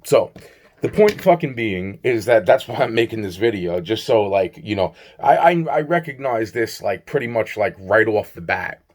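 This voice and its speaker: A man's voice: lowish voice, lively intonation, moderate pace. Man vlogging, rambling storytime, swears a lot, repeats words, acts out quotes. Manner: profane, rambling, repeats himself, acts out dialogue.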